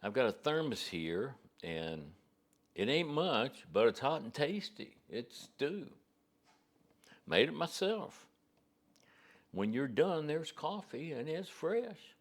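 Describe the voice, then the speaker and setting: A man's voice: mid-range voice, very animated, takes it slowly, pitched above the performer's own voice, heavily acted. A man voicing a kindly old male gas station owner with a put-on Southwestern drawl. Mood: hospitable.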